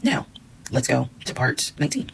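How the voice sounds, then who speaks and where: A woman's voice: rumbling low, rapid-fire, gravelly, slight background noise, low-quality recording. A woman telling a personal story to her followers, candid and blunt, swearing and acting out what people said. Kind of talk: storytime monologue.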